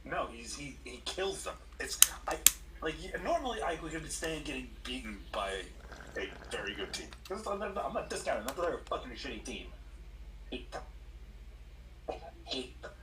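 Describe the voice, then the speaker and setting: A man's voice: medium pitch, very animated, normal speed, background noise. A man co-hosting a casual live chat, complaining bluntly about a baseball team and swearing freely. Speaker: podcast co-host.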